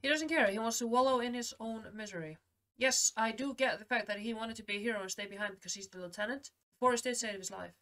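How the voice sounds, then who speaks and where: Bright, emotional young woman reacting to a film. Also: on the high side, fast. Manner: emotional, talks back to the screen. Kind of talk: casual reaction commentary.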